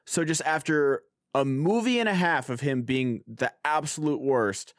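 A man's voice: fairly high pitch, unhurried, no room sound, studio quality. Exasperated man ranting about a film. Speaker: podcast co-host. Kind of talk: casual film review chat.

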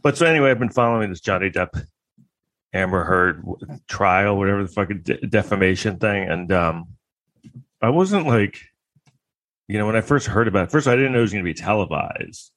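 A man's voice: fairly low pitch, fairly quick, a bit bright, no room sound. A man delivering a rambling, crude, sarcastic comedic monologue.

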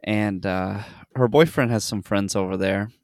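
A man's voice: fairly low pitch, measured pace, dry recording, studio quality. A young man hosting a podcast, telling a story in casual chat, swearing freely and acting out the people in it. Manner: animated storytelling, swears freely, acts out quotes. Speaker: podcast host.

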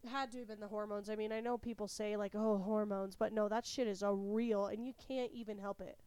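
A woman's voice: medium pitch, fast, smooth, no room sound. A young woman from California hosting a podcast, a little sick, telling a story casually and candidly with plenty of swearing. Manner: candid, swears freely, animated retelling. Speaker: podcast host.

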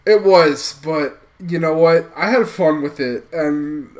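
A woman co-hosting a podcast, chatting in a laid-back, unhurried way. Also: low-pitched, a little mellow. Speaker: podcast co-host. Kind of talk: casual podcast chat.

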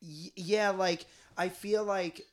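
A man's voice: high-pitched, steady tone, slow pace. A young man hosting a casual chat, asking curious, somewhat hesitant questions.

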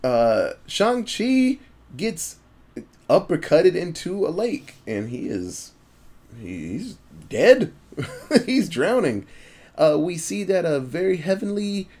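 Male podcast co-host, animated and profane, slightly high voice, loose casual movie retelling.

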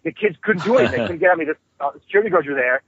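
Man with a husky voice on a tinny phone line. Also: on the high side, rapid-fire, no echo. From New York. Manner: profane, rambling, animated storyteller. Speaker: guest musician. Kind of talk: casual storytelling interview.

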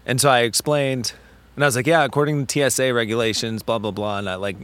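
Man, podcast co-host, casual storytelling, swears a lot, mid-pitched voice, acts out both sides. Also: fast talker, dry recording. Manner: animated, profane storytelling with quoted exchanges.

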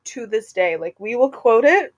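A woman co-hosts a podcast with a slightly high voice. She chats casually and retells a story in a lively, giggly way, peppering it with "like". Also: moderate pace. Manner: animated storytelling, giggly, lots of "like". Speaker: podcast co-host. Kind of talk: casual chat.

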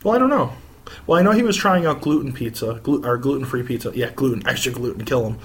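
A man's voice: medium pitch, animated, fast, slight background noise. An American man co-hosting a casual gossip podcast with his wife, rambling, swearing freely and laughing often. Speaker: podcast co-host. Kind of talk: casual chat.

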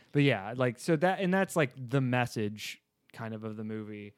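A man hosting a casual movie review chat, talking in a relaxed, rambling way and laughing often. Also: medium pitch, measured pace, clear, resonant tone, no room sound, studio quality. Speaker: podcast host.

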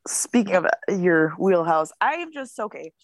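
A woman's voice: on the low side, very animated, moderate pace, no room sound. A woman hosting a podcast, chatting in a bubbly, playful way and laughing often. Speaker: podcast host. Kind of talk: casual podcast chat.

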